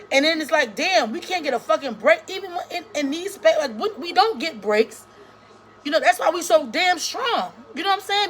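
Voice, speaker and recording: A woman in her thirties who runs a small YouTube channel rants to her viewers straight to camera, bluntly and profanely, restarting often. Her voice is high-pitched and a bit bright.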